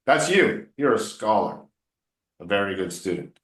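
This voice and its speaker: A man's voice: on the low side, lively intonation, moderate pace. A man coaching English one on one, patiently explaining words and drilling pronunciation by repeating them. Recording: roomy echo.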